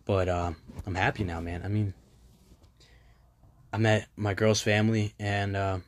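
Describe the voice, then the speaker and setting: A man's voice: lowish voice, little pitch movement, unhurried. Rambling, self-deprecating young man. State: strained voice. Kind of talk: casual solo monologue.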